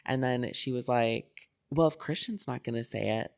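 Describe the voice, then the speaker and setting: A young woman co-hosting a podcast, telling a story in casual chat, animated and full of fillers and swearing. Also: extremely low pitch, normal speed, gravelly. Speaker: podcast co-host.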